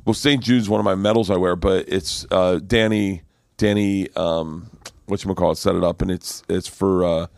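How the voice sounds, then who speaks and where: A man's voice: moderate pace, creaky, no echo, studio quality. A comedian man chatting casually on a podcast as the guest, telling stories and jumping into comic impressions. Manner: animated storyteller, bursts into high comic impressions.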